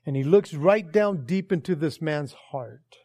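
A man preaching a sermon in a casual, animated storytelling way that builds in intensity. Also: a little high, measured pace. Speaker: pastor.

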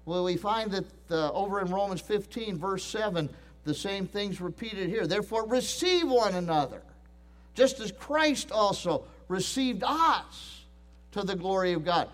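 A man's voice: sits high, expressive, a little slow, fairly bright tone. A middle-aged man preaching a sermon, earnest and emphatic, often restarting phrases and repeating key points. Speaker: pastor.

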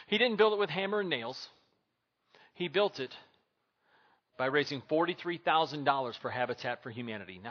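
A man preaching a sermon with dramatic pauses, dropping to a hush at times. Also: medium pitch, dull audio. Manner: preaching with dramatic pauses and hushed softer passages. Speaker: pastor.

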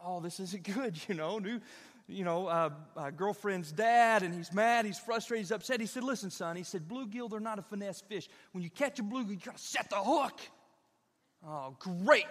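A man from Southern Illinois, a pastor telling a folksy, animated story in a sermon. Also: sits high. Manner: folksy, animated, addresses the audience directly. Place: church sanctuary. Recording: reverberant church hall.

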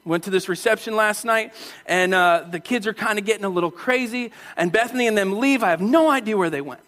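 A man with a fairly high voice preaches a sermon in a church. He keeps it animated and playful, acting out voices and calling on the congregation to join in. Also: brisk. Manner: animated, acts out voices and crowd calls. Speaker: pastor.

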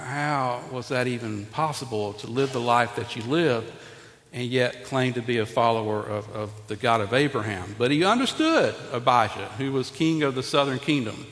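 A man's voice: medium pitch, fairly bright tone. A man preaching a sermon to his congregation in a folksy, conversational way, often repeating and restarting words. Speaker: pastor. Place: church sanctuary. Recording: echoey hall with long reverb.

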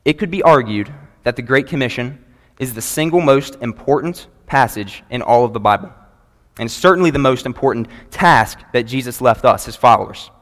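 A man preaches earnestly to his congregation, pausing to read scripture aloud in a steady, measured way. His voice sits in a middle register. It rings out with the long reverb of a large church hall. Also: mid-range voice. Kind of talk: sermon. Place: church sanctuary before a congregation.

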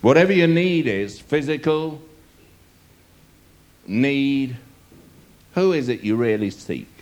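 A man's voice: mid-range voice, slow. A man preaching a sermon, reading a scripture passage aloud and asking his listeners rhetorical questions. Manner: animated delivery with rhetorical questions to the audience.

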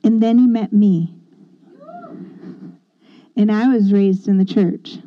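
A woman's voice: mid-range voice, steady tone, slow, lo-fi sound. A woman speaking earnestly and casually about her husband's faith, with light laughs. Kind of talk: casual testimony chat.

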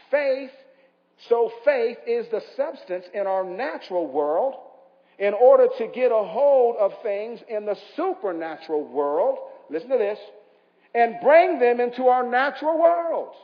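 A man's voice: very high-pitched, expressive, a little slow, long reverb tail, dull audio. A man with an East Coast American accent preaching a sermon in a church, urging the congregation to respond aloud. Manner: impassioned preaching with call-and-response. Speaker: pastor.

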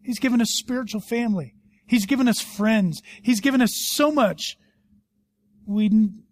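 A middle-aged man preaching a sermon as a pastor, telling stories with animation and dropping to a hush for serious points. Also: high-pitched, a little slow, long pauses, no echo. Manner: animated storytelling, swings between loud and hushed.

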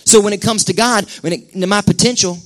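A man preaching a sermon, conversational and impassioned, swinging from loud bursts down to hushed lines. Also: high voice, fast talker. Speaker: pastor. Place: church sanctuary.

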